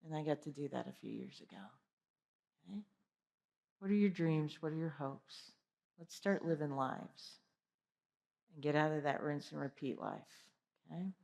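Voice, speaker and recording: A woman giving an energetic motivational keynote, asking the audience direct questions. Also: sits low, normal speed, gravelly, long pauses. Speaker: keynote speaker. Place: large conference hall. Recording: long hall reverb.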